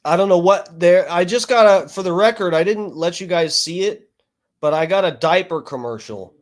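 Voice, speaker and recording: A man's voice: high voice, normal speed. A man streaming casual commentary over videos, rambling and profane, with many fillers.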